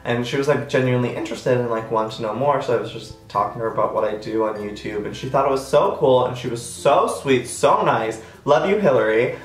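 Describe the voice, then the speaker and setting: A man in his twenties telling a personal story in a chatty, self-mocking way, acting out quotes in a sudden high voice. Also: fairly quick, few pauses, reverberant, faint music behind. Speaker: vlogger. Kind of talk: casual storytime.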